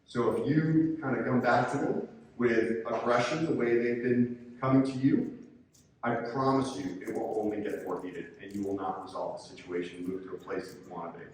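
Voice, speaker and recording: Guy giving a calm talk to a room, mic far off, big echoey hall w faint hum. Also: medium pitch. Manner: calm, coaching, animated when acting out angry coaches. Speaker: presenter, sports official. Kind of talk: conference presentation. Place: conference room.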